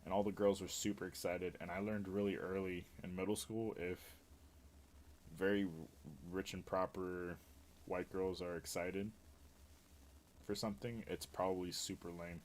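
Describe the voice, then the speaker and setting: A man's voice: sits low, little pitch movement, moderate pace, pauses often, a little hiss or hum. A man live streaming, telling rambling, profane stories in casual chat.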